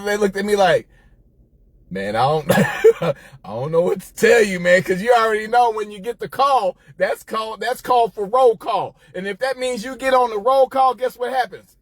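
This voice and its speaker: A middle-aged man with a high voice tells a church story in a lively, chatty way, often laughing and talking straight to his audience. His voice is close and dry, with no room sound. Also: a little fast, no echo. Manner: animated, laughing, addresses listeners as y'all. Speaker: host. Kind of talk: casual storytelling monologue.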